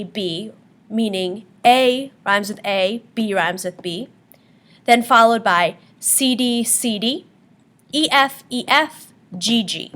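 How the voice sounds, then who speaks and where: A woman's voice: a little high, a bit bright. A woman teacher giving a patient classroom lecture on poetry terms, explaining step by step with frequent ums.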